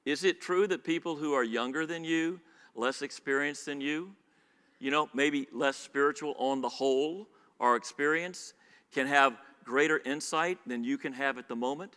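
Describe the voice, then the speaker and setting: A man preaching a sermon in a church, animated, shifting between loud emphasis and quiet asides and putting questions to the congregation. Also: fairly high pitch, moderate pace, clean tone. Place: church sanctuary. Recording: live church sermon with long hall reverb.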